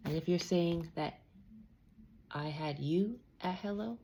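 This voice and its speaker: A woman with a low voice gives a tarot reading, repeating herself as she works through the cards. Her speech is emotional and intense. Clear background noise sits under her voice, along with the sound of cards being shuffled. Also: unhurried, pauses often. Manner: emotional, repeats phrases, drifts into soft sung lines. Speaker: tarot reader.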